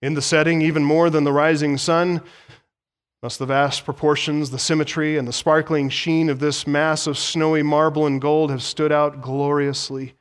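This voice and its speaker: A man delivers a church sermon in a fairly high voice. He explains the scripture like a teacher and climbs to emphatic, animated peaks. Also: normal speed, clear, resonant tone. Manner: teacherly, explains Greek words. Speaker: pastor. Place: church sanctuary.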